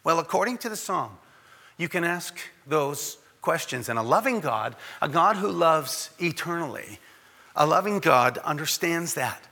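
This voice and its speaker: A high, lively male voice preaching a conversational sermon, now and then acting out the people he quotes. His tone is bright and a little husky. A long hall reverb trails after his words. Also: unhurried. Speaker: pastor.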